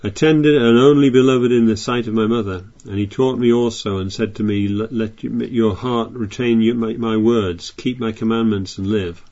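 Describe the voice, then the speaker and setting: A man's voice: fairly low pitch, steady tone, normal speed, hardly any pauses, mellow, dull audio. A man preaching a sermon, reading scripture aloud and explaining it in a chatty way with frequent restarts.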